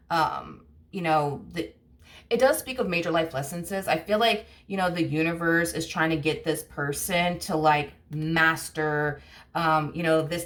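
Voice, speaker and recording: Casual tarot lady, kinda low voice, rambly, says "you know" a lot and swears a bit. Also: a bit bright. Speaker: tarot reader.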